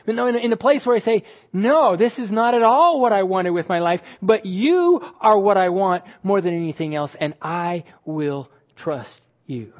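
A man preaching a sermon as pastor, emphatic, stretching key words and dropping suddenly to quiet. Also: sits high, animated, moderate pace, few pauses.

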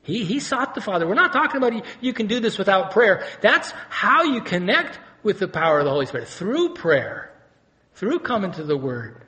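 Preaching fairly quickly in a high voice, a male pastor gives an animated sermon. He alternates loud exclamations with quiet intensity and throws rhetorical questions at the congregation.

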